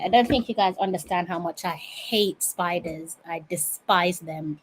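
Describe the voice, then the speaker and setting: A woman's voice: lowish voice, a little slow, hardly any pauses, background noise. A young woman talking casually to her viewers, exasperated and dramatic, rambling on. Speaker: vlogger. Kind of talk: casual chat to camera.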